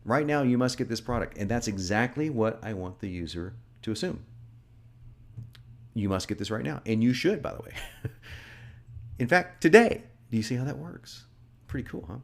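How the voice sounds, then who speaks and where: A middle-aged man teaching marketing, reading lines from his own sales script aloud and critiquing them in a lively way, often chuckling. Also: medium pitch, normal speed, vocal fry, long pauses. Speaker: marketing instructor.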